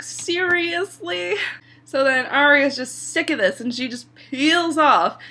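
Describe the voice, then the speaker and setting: A woman chattily recapping a TV episode, full of "like" and casual swearing. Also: fairly high pitch. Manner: chatty, animated, lots of "like" and swearing. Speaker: TV episode reviewer.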